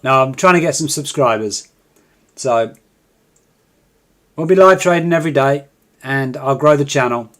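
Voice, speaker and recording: A man's voice: medium pitch, moderate pace, long pauses, fairly bright tone. A man hosting a live trading stream, chatting casually and coaxing viewers to join in.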